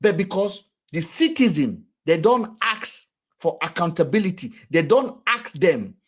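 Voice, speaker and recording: Brief: Nigerian-accented male vlogger, husky, lively swooping delivery, high voice. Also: measured pace. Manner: animated, rhetorical, acts out quotes. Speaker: vlogger and commentator. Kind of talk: casual commentary.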